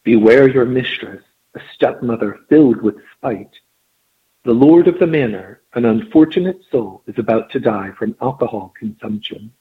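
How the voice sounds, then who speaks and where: Man reading as a prophetic dragonfly, foretelling, slightly raised pitch, husky, phone-line sound. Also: expressive, normal speed. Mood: ominous.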